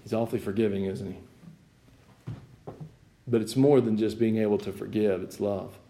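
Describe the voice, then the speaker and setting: Preacher, man, sinus-strained squeaky creaky voice, folksy asides, rising to loud emphatic peaks. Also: fairly even intonation, moderate pace. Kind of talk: sermon.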